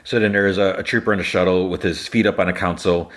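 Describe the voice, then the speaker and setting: A podcast host casually retelling an episode scene by scene, in a loose style full of "like" and restarts. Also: male voice, low voice, steady tone, fast.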